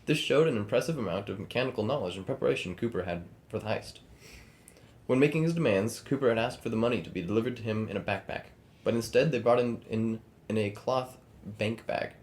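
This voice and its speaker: Podcast co-host, male, brisk script reading, storyteller cadence. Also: fairly low pitch. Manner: quick, reads script in steady storytelling cadence. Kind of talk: casual podcast chat and read narration.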